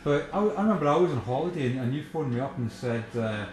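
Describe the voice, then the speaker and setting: A man's voice: mid-range voice, expressive, fast, a little mellow. Teasing Scottish man in an echoey room. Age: young adult. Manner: teasing, chatty, laughs a lot. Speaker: musician giving album commentary. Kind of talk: casual chat. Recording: echoey room with faint music.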